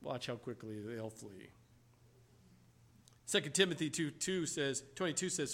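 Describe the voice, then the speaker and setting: A man's voice: mid-range voice, animated, measured pace, long pauses, fairly bright tone. A man preaching a sermon, telling stories with emphatic exclamations.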